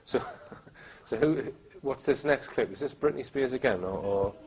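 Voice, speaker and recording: A man's voice: mid-range voice, measured pace, a little mellow, breathy edge, low-quality recording. A man hosting a casual interview, giving brief prompts and asking probing questions. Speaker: host.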